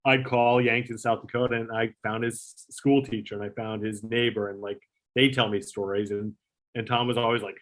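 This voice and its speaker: Speaking a little fast in a mid-range voice, a man who once produced a talk show rambles through a long backstage story. It's a casual, animated retelling, heavy on fillers, with some swearing mixed in.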